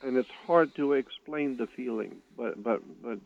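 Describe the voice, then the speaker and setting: An older man telling a personal story in an interview, speaking earnestly with halting starts and repeated words. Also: mid-range voice, creaky, dry recording. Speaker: guest recounting a personal experience. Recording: tinny phone line, dry.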